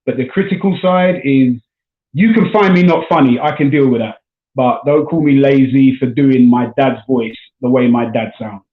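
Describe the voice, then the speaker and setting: A man's voice: medium pitch, normal speed. A man from South London with a South London accent, a stand-up comedian chatting casually on a video call. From South London, England. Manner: relaxed, chatty, says man and bro often. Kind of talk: casual chat. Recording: echoey, tinny call audio.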